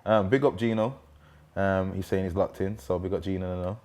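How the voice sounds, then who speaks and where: A man hosting a casual interview, relaxed and encouraging, reading out viewer questions. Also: low voice, a little fast. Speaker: interviewer, host.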